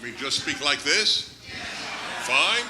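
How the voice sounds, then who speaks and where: A man giving a humorous lecture as guest speaker, telling jokes in an animated way. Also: on the high side, takes it slowly. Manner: joking storyteller, animated. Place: large hall with audience. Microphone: microphone, later unamplified. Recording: echoey hall with background noise.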